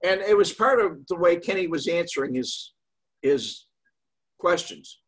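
Older man, husky, rather high voice, casual storytelling, rambling with fillers. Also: lively intonation, fairly bright tone. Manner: rambling, with frequent pauses and fillers. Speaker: guest.

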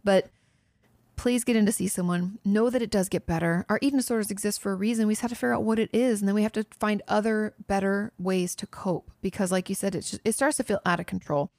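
A woman's voice: mid-range voice, fairly even intonation, fast, darkish tone, no echo. A woman therapist hosting a podcast, answering listener questions in an earnest, direct way, speaking straight to the listener and often restarting her sentences. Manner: restarts and self-corrections.

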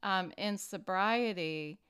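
A woman hosting a personal recovery podcast, talking earnestly and unhurriedly with frequent fillers and pauses. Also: mid-range voice, a bit bright, clean tone. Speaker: podcast host.

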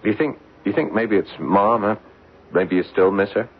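An actor playing a young adult son who runs the family firm in a radio drama, breezy and deflecting. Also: male voice, fairly low pitch, fairly quick, slightly rough. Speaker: son and company executive. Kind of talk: 1950s radio drama acting. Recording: narrow phone-like old radio recording.

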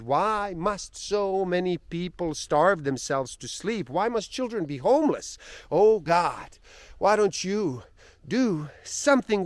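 A man's voice: sits high, no echo, voice pushed up. A man acting out an anguished man crying to God. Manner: pleading, rising to shouts.

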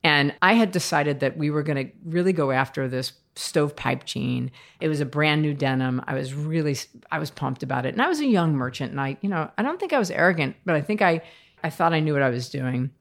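A low-pitched American woman recounts stories as a podcast guest. She talks in an animated, conversational way and often laughs mid-sentence. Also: fairly quick. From United States. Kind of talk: conversational storytelling interview.

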